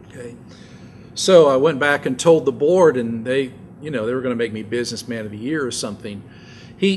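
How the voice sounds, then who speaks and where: A man's voice: medium pitch, creaky, a little hiss or hum. Older male pastor telling a story. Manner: conversational storytelling with asides. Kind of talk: sermon.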